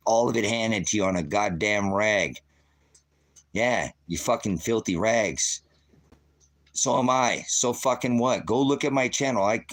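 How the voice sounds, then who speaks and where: Middle-aged man, lowish voice, profane combative rambling rant to camera. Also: fairly bright tone. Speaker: channel host. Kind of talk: ranting monologue to viewers.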